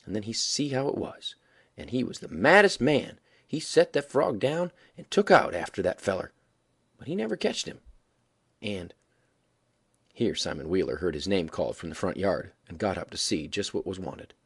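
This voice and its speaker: Husky man spinning a folksy yarn. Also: low voice, sing-song, normal speed. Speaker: audiobook reader. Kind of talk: folksy storytelling narration.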